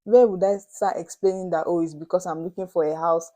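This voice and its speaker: A young Nigerian woman vlogger retelling a story to her viewers in an animated, dramatic way, slipping into Pidgin asides. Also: fairly low pitch, fairly quick. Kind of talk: storytelling to camera.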